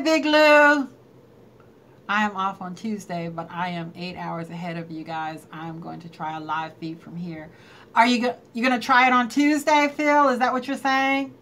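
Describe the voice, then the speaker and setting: A woman's voice: on the high side, fairly bright tone. Chatty woman streaming live. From North Carolina. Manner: chatty, greets viewers by name, laughs often. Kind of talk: casual live-stream chat.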